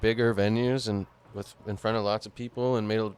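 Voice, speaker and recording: A man hosting a live-streamed talk show, chatting casually in a relaxed, rambling way with occasional chuckles. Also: fairly low pitch, fairly quick, clean tone. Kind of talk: casual chat.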